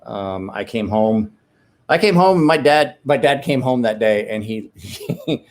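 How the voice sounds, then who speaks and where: Man, livestream host, casual storytelling, rambling, profane, restarts, average pitch. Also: lively intonation, unhurried. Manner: rambling, profane, self-correcting. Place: at home, drinking beer.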